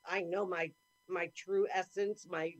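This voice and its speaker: A woman hosting a podcast, talking in a rambling, earnest way and thinking out loud. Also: lowish voice, flat delivery, unhurried. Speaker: podcast host. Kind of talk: casual conversation.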